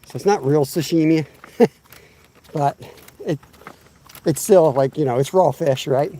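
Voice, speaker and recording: A man in his fifties rambles by the water during a fishing live stream, chatting loosely and making fun of himself. He speaks slowly, with a fairly high pitch and a dark tone, and a camera on a tripod records him.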